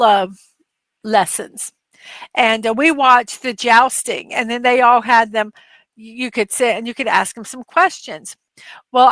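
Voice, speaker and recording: A middle-aged woman hosts a casual livestream from her desk at home, her voice sitting a little high and sounding bright and forceful. She rambles through stories with plenty of fillers and laughter. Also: dry recording. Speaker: livestream host.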